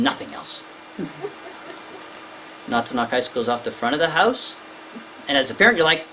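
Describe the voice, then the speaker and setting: Animated woman lecturing parents. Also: brisk, long pauses, background noise. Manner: animated, acts out kids and parents in high voices. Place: lecture hall.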